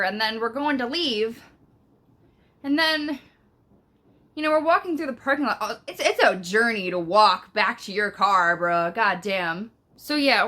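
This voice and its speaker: A young woman vlogger tells a rambling storytime from indoors at home, her voice fairly high and sharp. She swears casually and peppers everything with "like" and "bruh."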